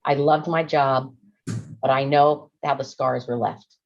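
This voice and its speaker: A woman's voice: a bass voice, fairly even intonation. A woman, a former emergency dispatch supervisor, reading solemn testimony at a legislative hearing. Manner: solemn, measured. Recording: dull lo-fi hearing stream.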